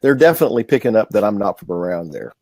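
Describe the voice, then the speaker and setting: A man from the American South co-hosts a political talk show, speaking in a measured, folksy, deliberate way. His voice sits somewhat low. The sound is dry and close. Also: big pitch swings, a little mellow, dry recording. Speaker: co-host.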